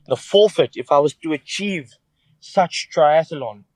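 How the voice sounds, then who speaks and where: A man with a South African accent telling a story in a mock-formal voice message, with dramatic pauses. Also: fairly high pitch, no echo. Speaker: listener submission. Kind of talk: recorded voice message.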